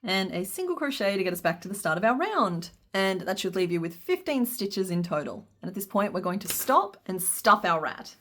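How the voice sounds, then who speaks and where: A woman's voice: mid-range voice, sing-song, moderate pace, few pauses, a bit bright. A woman teaching a crochet pattern step by step, counting stitches aloud and breaking into giggles. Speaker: crochet instructor. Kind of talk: step-by-step craft tutorial.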